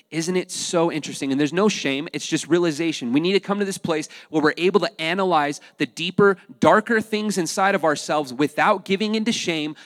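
Male pastor, high voice, lively sermon delivery, long hall reverb on a dry close mic. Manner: animated, acts out voices, addresses the congregation.

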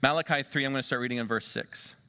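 A middle-aged pastor from Western Pennsylvania preaching a sermon in a conversational way, full of rhetorical questions. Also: male voice, mid-range voice, fast, sharp tone.

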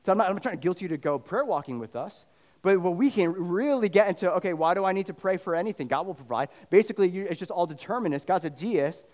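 A pastor giving a sermon in a conversational style that swells into fervent emphasis. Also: male voice, high voice, animated, quick pace, a little mellow. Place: church sanctuary. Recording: long reverb of a church hall.

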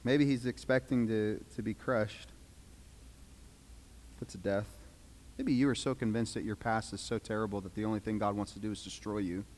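A man preaching a sermon, dramatic, swinging from loud pleading to hushed quiet. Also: on the low side, steady tone, moderate pace, pauses often, a little hiss or hum. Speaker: pastor. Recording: long reverb of a large hall.

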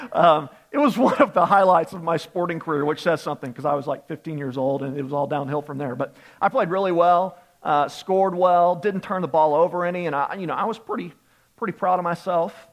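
A young adult man preaching a sermon, telling a self-deprecating personal story and laughing often. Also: on the high side. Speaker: pastor.

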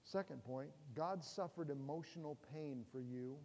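A middle-aged man gives a sermon in a high, light voice that rings out through a large hall with a long reverb. He preaches in a relaxed, conversational way, mixing in humor and asking the congregation questions. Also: moderate pace, a little hiss or hum. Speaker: pastor.

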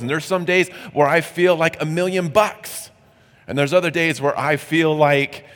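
A man's voice: a little high, fairly bright tone, big-room sound. A male pastor preaching a sermon in a conversational, earnest way.

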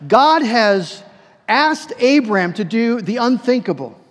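A man preacher delivering a sermon, emphatic, repeating words and slowing down for key phrases. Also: extremely high pitch, very animated. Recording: long hall reverb.

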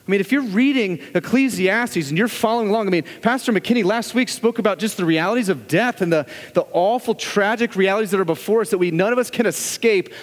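A man preaching a sermon as a pastor, earnest and full of rhetorical questions, moving between loud urging and hushed, low passages. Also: big-room sound.

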